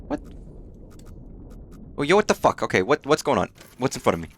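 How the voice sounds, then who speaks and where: Here a brisk, medium-pitched male voice swings widely in pitch as he streams gameplay live. He chats in a loose, meandering way, cursing often and leaning on filler words.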